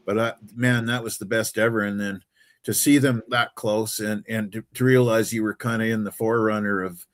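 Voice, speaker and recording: Brief: middle-aged Canadian man, easygoing storyteller, mid-range voice. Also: medium pitch. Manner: storytelling, repeats words, ends lines with "man". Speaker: co-host. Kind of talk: casual chat.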